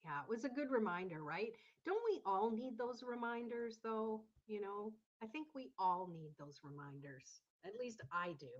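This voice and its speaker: A woman's voice: mid-range voice, expressive, normal speed, hardly any pauses. A woman hosting a casual tarot livestream, chatty and encouraging as she talks to viewers in the chat. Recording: slightly dull lo-fi sound.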